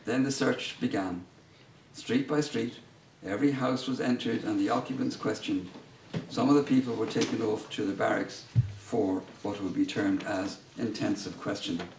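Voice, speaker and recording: Man, measured storytelling, lecture, roomy room, heard from a distance. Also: on the low side, fairly even intonation, a little mellow. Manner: measured, anecdotal delivery. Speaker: guest speaker. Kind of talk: public history talk, storytelling. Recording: roomy, distant mic, faint noise.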